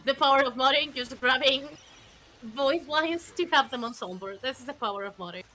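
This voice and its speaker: A woman's voice: high voice, normal speed, pushed and bright, slight background noise. A woman co-commentating a strategy game in a casual, giggly way, often asking questions.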